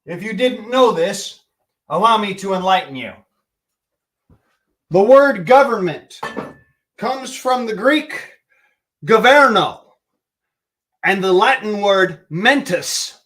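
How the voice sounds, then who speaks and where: A man's voice: sits high, fairly bright tone. A man hosting a livestream, delivering a heated, profane political rant while he is angry and worked up. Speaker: livestream host.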